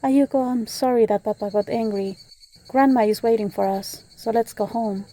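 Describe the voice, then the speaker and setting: A woman's voice: fairly high pitch, steady tone, normal speed, dark tone, lightly acted. A woman voicing an angry, suspicious village father who speaks bluntly and accuses. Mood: softened.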